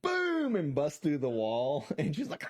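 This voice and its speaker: A man's voice: fairly high pitch, huge pitch swings, unhurried. A man co-hosting a casual movie discussion, retelling scenes with lots of swearing and quoted voices. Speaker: podcast co-host.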